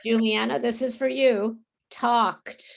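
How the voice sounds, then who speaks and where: A woman teaching an English pronunciation class, modelling words slowly and patiently for students to repeat. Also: a little high, lively intonation, a little hiss or hum. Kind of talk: online group pronunciation class.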